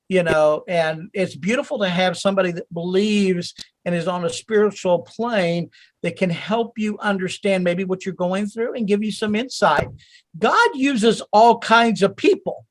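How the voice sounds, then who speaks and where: A man's voice: high voice, no room sound. A man hosting a call-in session who talks to callers by name in an encouraging, rambling way. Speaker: host.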